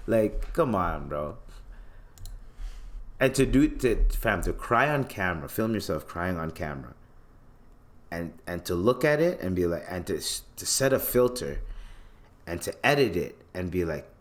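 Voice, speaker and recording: A man's voice: fairly low pitch, very animated, moderate pace. A man hosting a podcast, ranting in a blunt, profane, mocking way as he gives casual commentary. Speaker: podcast host.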